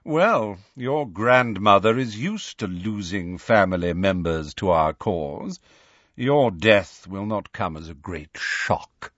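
A man voicing a cold, sneering aristocratic male villain with a slow drawl in an audiobook reading. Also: medium pitch, sing-song, a bit bright, husky, no room sound, highs cut off, heavily acted.

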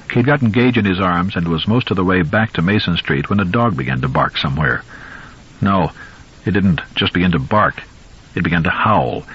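A man reads a novel aloud in a measured, suspenseful way. His voice is deep and very husky, and the recording sounds slightly dull and lo-fi. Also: a bit bright. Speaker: audiobook narrator. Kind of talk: scripted novel narration.

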